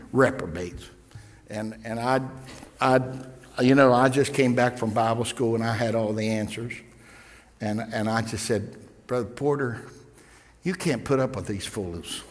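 A middle-aged man preaching, telling a personal story in a halting, emotional way with many repeated words. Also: mid-range voice. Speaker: pastor. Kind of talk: sermon storytelling. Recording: long reverb of a large hall.

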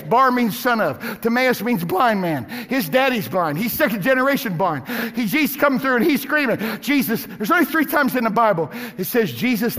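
A man preaching a sermon as pastor, swinging from shouted climaxes to hushed drops. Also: extremely high pitch. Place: church sanctuary. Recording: echoey hall with music and congregation.

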